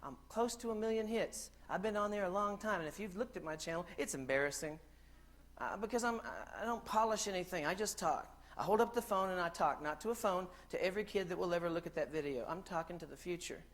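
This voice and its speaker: A man's voice: sits high, fast, fairly bright tone. A middle-aged man giving a humorous keynote to teachers in a large conference hall, talking straight to the crowd. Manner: joking, addresses audience directly. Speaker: keynote speaker.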